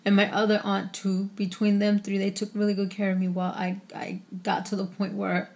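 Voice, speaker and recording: A woman's voice: medium pitch, completely flat delivery, brisk, gravelly, darkish tone. A woman talking candidly to her vlog viewers, chatty with many fillers, holding back tears. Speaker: vlogger. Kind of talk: casual personal vlog.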